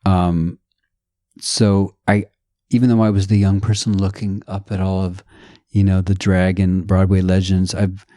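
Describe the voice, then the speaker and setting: Deep-voiced man, animated and rambling. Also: measured pace, dry recording, clean studio sound. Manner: animated, digressive, breaks into playful voices. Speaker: podcast guest. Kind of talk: casual conversation.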